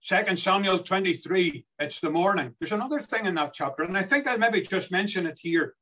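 A man delivers an earnest sermon. His voice is fairly high and bright, with a husky edge. It rises and sinks as he works through scripture. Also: expressive, fairly quick, highs cut off. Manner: earnest, swelling and dropping as he quotes scripture. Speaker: preacher.

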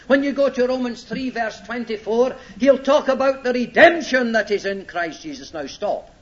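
A preacher teaching scripture in an emphatic, driving way, hammering each point home and asking his hearers if they follow. His voice sits high and swoops up and down. The sound is dull and lo-fi, like an old sermon tape. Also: animated, moderate pace. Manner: emphatic, repeats points and checks listeners are following.

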